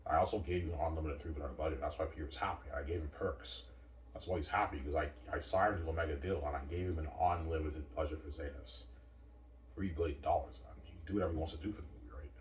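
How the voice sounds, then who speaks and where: A man's voice: a bass voice, steady tone, fast talker, a little hiss or hum. A man in a casual, rambling monologue, boastful and repetitive, recorded from a distance in a roomy space. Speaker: vlogger.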